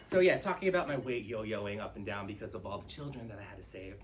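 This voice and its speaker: A man doing a stand-up comedy set on a club stage, telling campy, profane stories with big swings in pitch and energy. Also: fast talker, slight background noise, rough recording. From New York. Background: audience laughter.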